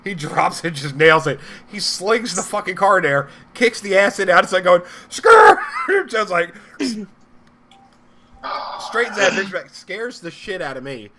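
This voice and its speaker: A young man on a casual live-stream chat show with a bright, forceful voice sitting a little high. He tells stories in a lively, profane way, over a faint hum of ambience. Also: measured pace. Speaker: co-host.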